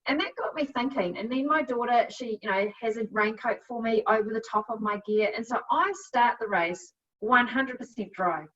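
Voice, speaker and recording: A middle-aged woman with a New Zealand accent telling her story as a podcast guest, chatty and quick to laugh, with plenty of fillers. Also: fairly high pitch, fairly bright tone. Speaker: guest, cycle coach. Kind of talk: casual storytelling. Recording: dull, a bit distant from mic.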